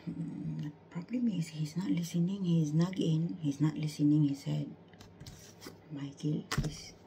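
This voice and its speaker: A woman speaks mostly in a soft, halting whisper, circling back over the same words as she holds back tears. Her voice is low and gravelly with a dark, mellow tone, and she takes her time with every phrase. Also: fairly even intonation, a little hiss or hum. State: close to tears. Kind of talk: whispered personal monologue.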